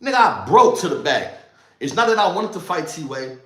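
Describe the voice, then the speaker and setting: A man tells a story on a livestream in animated street slang. His voice sits a little higher than most men's, and it swings between loud outbursts and quiet asides. The room around him is echoey. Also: normal speed. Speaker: livestream host telling a story.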